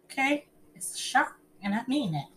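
A middle-aged woman telling personal stories and giving relationship advice to an audience, in a chatty, expressive way, calling listeners honey and child. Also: sits high, normal speed, slight background noise.

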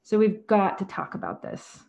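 A woman in her forties, a therapist talking calmly and earnestly, often acting out her own conversations. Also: medium pitch, normal speed, vocal fry, muffled recording. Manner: calm, soft-spoken, quotes herself in dialogue. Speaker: therapist and guest.

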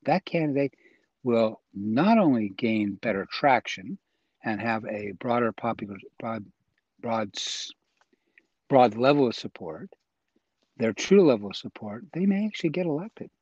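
A man's voice: mid-range voice, expressive, a little slow, darkish tone, husky, no echo, dull audio. A man interviewed as a guest, earnestly and persuasively explaining his views in a conversational way. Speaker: interview guest, voting reform advocate.

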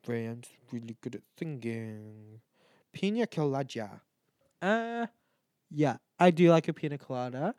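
A man's voice: mid-range voice, animated, normal speed, darkish tone, no room sound, clean studio sound. A tired, tipsy man rambling and swearing as he hosts his own chat show. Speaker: podcast host. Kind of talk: casual solo chat.

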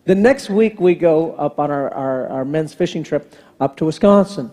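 Man in his fifties, pastor, high mellow voice, storytelling sermon, long church reverb. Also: expressive, moderate pace. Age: 50s. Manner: storytelling preacher who acts out family dialogue. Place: large church hall. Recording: long hall reverb from the sanctuary.

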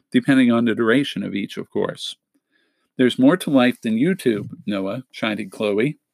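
Gravelly male storybook narrator. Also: no room sound. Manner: lifts pitch for quoted characters, drops for tags. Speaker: audiobook narrator. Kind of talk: reading a middle-grade novel aloud, voicing characters.

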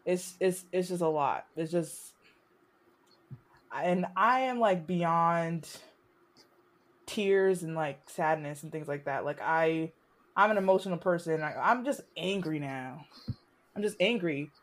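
A young woman, a student, speaking candidly in conversation, impassioned and halting, with frequent restarts. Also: fairly low pitch. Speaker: student sharing experience.

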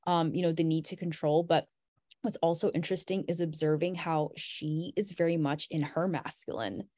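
A woman chats as a podcast guest, working through her thoughts in loose, filler-heavy sentences. Her voice is somewhat low. It is recorded dry and close. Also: moderate pace, dark tone, dry recording. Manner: reflective, rambling, many fillers. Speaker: podcast guest, graphic designer. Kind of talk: casual podcast conversation.

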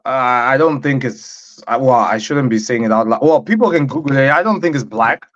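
A man co-hosting a casual podcast, telling stories in a relaxed, chatty way with lots of fillers. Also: mid-range voice, brisk, no room sound. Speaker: podcast co-host. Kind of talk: casual banter. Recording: dull dry lo-fi sound.

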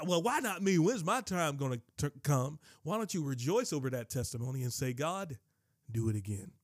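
A man's voice: mid-range voice, no echo, studio quality. Emotional male preacher telling a story. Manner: emotional, repeats "ladies and gentlemen", many restarts. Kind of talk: sermon with personal story.

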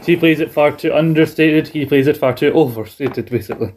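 A man's voice: on the high side, a little fast, darkish tone, slight background noise. A man hosting a podcast, chatting and laughing as he recaps a match and acts out quotes. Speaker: podcast host. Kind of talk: casual chat, recapping a match.

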